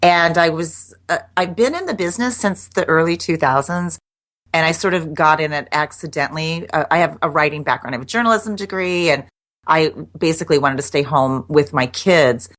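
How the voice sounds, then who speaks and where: Middle-aged woman, low voice, chatty and giggly, lots of restarts, casual interview. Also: a little fast, a bit bright. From United States. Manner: chatty, laughing often, many restarts. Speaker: interview guest, copywriter.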